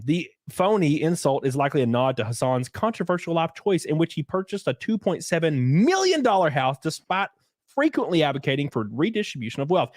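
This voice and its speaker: Animated ranting man, dry close mic. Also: fairly high pitch, no echo. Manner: animated, ranting, mocking voices. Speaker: podcast host. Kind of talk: casual opinionated chat.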